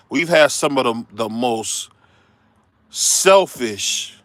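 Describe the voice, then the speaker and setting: A man's voice: a little high, fairly bright tone, no echo. A middle-aged man, hosting a heated, preachy opinion rant that turns confrontational. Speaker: commentary show host.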